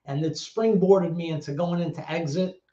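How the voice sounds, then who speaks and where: Animated New man, echoey room. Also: on the high side, moderate pace. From the Bronx, New York. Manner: animated storyteller acting out voices, swears freely. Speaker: guest, former actor and DJ. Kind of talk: casual storytelling interview. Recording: echoey room, dull lo-fi sound.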